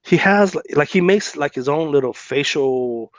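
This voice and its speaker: A man's voice: on the high side, lively intonation, measured pace, dry recording. Chatty man hosting a podcast. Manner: chatty, with many fillers and "right?" tags. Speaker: podcast host. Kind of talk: casual podcast storytelling.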